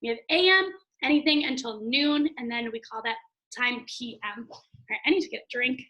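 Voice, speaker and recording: Woman, elementary teacher, slightly high voice, chatty classroom manner, stretches out words for kids. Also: steady tone, bright, forceful tone, muffled recording. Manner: friendly, chatty teacher talk with drawn-out example words. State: throat tickle, clears throat often. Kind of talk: recorded phonics lesson for young children.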